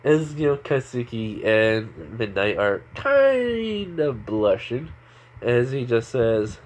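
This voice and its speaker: A man's voice: medium pitch, very animated, slow pace. A man improvising a fan story aloud in a rambling way, full of fillers and self-corrections.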